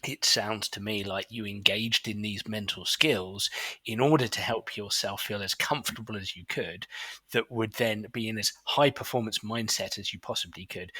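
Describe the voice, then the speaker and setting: A man hosting a podcast as a sports psychologist, explaining in a measured, analytical way with some "uh"s and "um"s. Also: lowish voice, bright, forceful tone, slightly rough, dry recording. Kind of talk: analytical interview commentary.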